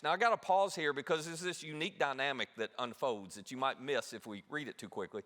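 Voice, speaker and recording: A man preaching a sermon as pastor, telling a story with animated delivery and asking the audience questions. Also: on the high side, fast, few pauses. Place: large church hall. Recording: long reverb of a big hall.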